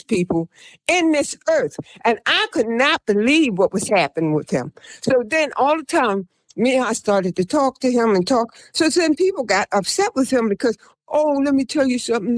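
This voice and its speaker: A woman hosts a radio show in a fairly high voice that leaps up and down as she tells a rambling personal story. She keeps urging her listeners on and slips into the voices of the people she quotes. The sound is dry, with no room echo. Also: big pitch swings, moderate pace. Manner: exhorting listeners, repeating "come on, people". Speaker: radio show host and self-styled prophetess.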